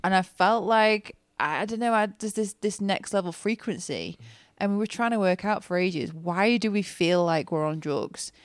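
A woman's voice: medium pitch, normal speed, no echo. A woman co-hosting a podcast, telling personal stories openly in casual chat. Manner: open, candid storytelling. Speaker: podcast co-host.

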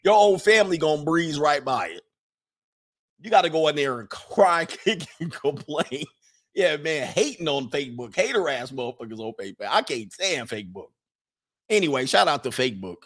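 Sarcastic ranting man, fairly high voice. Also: big pitch swings, moderate pace, a bit bright. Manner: sarcastic, mocking, swears, laughs often, mimics others in a high voice. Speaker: livestreamer. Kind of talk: casual ranting monologue.

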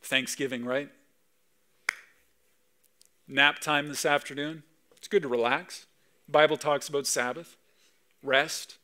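A man's voice: on the high side, unhurried, pauses often. A man in his thirties, a pastor from Canada, preaching a conversational sermon full of personal stories. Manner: storytelling, animated, conversational, sometimes emotional.

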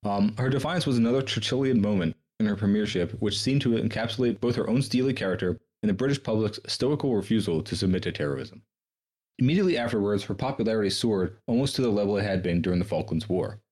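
Fast-talking husky man reading history. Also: fairly low pitch, a little mellow. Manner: profane, sarcastic, reads quotes then riffs. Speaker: podcast co-host. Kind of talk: casual chat, reading history aloud.

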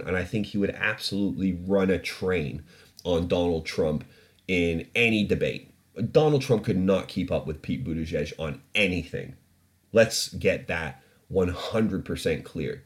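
Deep-voiced man ranting on a podcast. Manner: ranting, profane and opinionated, with frequent laughs. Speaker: podcast host. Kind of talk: casual solo podcast commentary. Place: studio.

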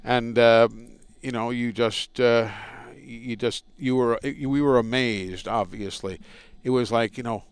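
Smooth-voiced man telling broadcast stories. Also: medium pitch, steady tone, measured pace, dry recording. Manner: rambling, anecdotal, self-deprecating. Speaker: radio play-by-play broadcaster. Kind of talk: casual interview storytelling. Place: indoors at a college arena.

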